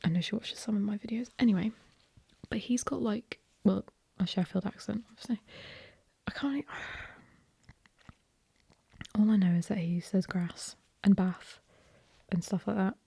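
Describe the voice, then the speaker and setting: A young English woman whispers her ASMR chat slowly and breathily into a close binaural mic. Her tone is very dark and mellow, the room dry and close, and she rambles along with strong opinions while sniffling now and then. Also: medium pitch, vocal fry, slightly rough, no echo. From England. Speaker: ASMR host. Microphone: ear-to-ear binaural mic.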